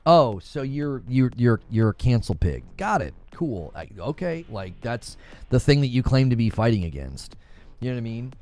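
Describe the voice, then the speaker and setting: A man hosting a casual gaming news live stream, talking straight to his chat in an animated way. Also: medium pitch, normal speed, no room sound.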